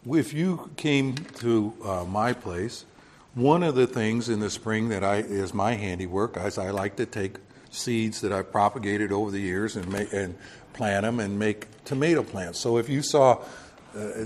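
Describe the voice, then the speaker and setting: A man's voice: fairly low pitch, long reverb tail. A man preaching a Bible lesson in a conversational way, explaining with everyday examples and correcting himself as he goes. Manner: conversational, explains with homely examples, many fillers and self-corrections. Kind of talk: Bible teaching sermon.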